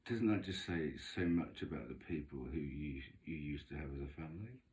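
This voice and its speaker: A man's voice: a bass voice, expressive, fairly quick, a little mellow. A man giving a chatty, gossipy vlog monologue while drawing tarot cards, with camp theatrical asides. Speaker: vlogger doing tarot readings. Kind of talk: casual rambling monologue.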